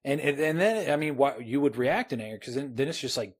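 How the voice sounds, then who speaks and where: A man with a husky, slightly rough voice talks eagerly about a favourite novel on a podcast. He restarts his words a lot and tosses in casual asides. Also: medium pitch, lively intonation, a little fast. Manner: enthusiastic, repeats words, says "man". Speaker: podcast co-host. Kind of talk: casual book discussion.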